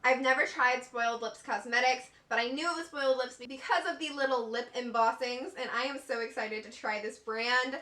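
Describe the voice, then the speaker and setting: A woman's voice: fairly high pitch, steady tone, normal speed, few pauses, sharp tone, distant mic. A young woman beauty vlogger gushing through a makeup unboxing. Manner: gushing, effusive, giggly. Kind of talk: excited unboxing vlog. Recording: echoey room, a bit off-mic.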